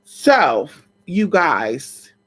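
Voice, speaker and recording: A woman's voice: low voice, big pitch swings, extremely slow, fairly bright tone, slightly rough. A woman vlogger chatting casually to her viewers, telling a story in colloquial, swear-laced speech.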